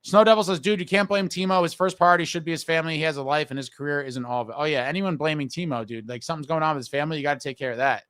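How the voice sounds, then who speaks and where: A frustrated male host with a bright, forceful voice and a slightly raised pitch, venting bluntly and casually swearing as he reads viewer comments. The sound is close and dry, with no room echo at all. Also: steady tone, very fast, hardly any pauses, clean tone. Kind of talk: casual live-stream talk.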